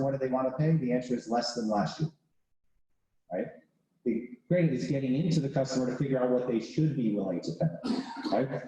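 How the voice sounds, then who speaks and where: Guy lecturing on pricing, mellow dark voice, chatty, lots of "right?", super echoey room. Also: a little high. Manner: conversational, tags points with "right?". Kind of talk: classroom lecture with case story.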